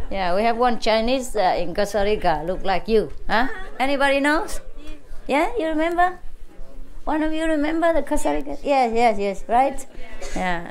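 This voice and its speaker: A woman with a Vietnamese accent, speaking English in a playful, teasing way to a live audience and laughing often between phrases. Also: a little high. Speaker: spiritual teacher speaking to a gathering. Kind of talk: casual talk to a live audience.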